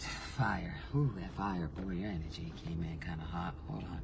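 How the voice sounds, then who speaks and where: A man's voice: low-pitched, steady tone, slow pace, gravelly, noisy background. A man giving a casual spiritual reading. He talks frankly and rambles, often restarting his sentences, and he swears freely. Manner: frank, emotionally reactive. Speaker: intuitive reader.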